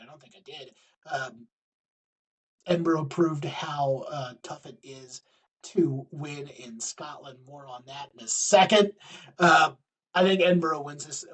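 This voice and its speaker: Husky man previewing rugby matches. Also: a little high, recorded from a distance, rough recording. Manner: loose, filler-heavy match previews. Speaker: podcast co-host. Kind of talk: casual sports chat.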